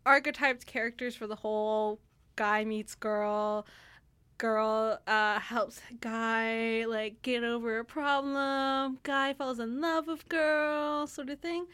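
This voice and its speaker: A woman's voice: a little high, a bit bright, clean tone. A young woman reviewing a play in casual radio chat, talking loosely with many fillers and restarts. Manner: chatty, lots of fillers and restarts, laughs easily. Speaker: theatre reviewer.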